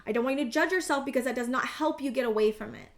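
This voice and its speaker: A woman's voice: sits high, very fast. A woman in her thirties giving a pick-a-card tarot reading, rambling and emphatic, swearing freely and talking straight to the viewer. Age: 30s. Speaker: tarot reader.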